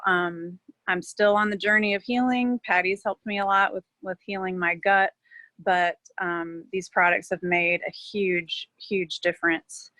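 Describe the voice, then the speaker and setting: A woman's voice: fairly low pitch, a bit bright, no room sound. A woman speaking as a guest on a casual group video call, emotional and hesitant with frequent fillers.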